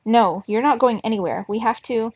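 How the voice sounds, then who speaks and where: A panicked young boy from a storybook, as a woman reader acts him out. He shouts and pleads in distress, his voice raised and gravelly. The recording is dry and dull. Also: a little high, fairly quick, no room sound. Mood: distraught.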